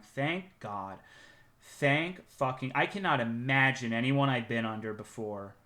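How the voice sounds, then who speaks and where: Bright-voiced man telling a rambling story. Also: mid-range voice. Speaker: streamer. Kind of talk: casual chat.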